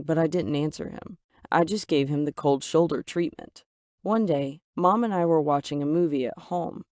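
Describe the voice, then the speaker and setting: Brief: woman narrator for an animated story, emotive delivery, dry booth sound. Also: sits low, no room sound. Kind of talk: scripted first-person story narration.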